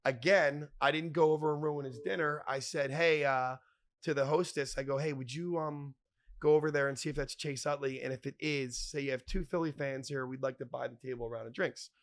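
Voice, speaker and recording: A man telling wild stories as a podcast guest, animated and profane, acting out other people's lines. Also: mid-range voice, brisk. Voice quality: animated, profane, acts out quoted voices. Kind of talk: casual storytelling.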